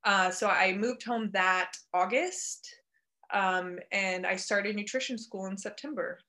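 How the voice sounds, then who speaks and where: A woman guest tells her story in a relaxed interview. Her voice is bright and forceful, and her chatty, reflective talk is full of fillers and restarts. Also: mid-range voice, unhurried. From Kansas City area. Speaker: health coach and personal trainer.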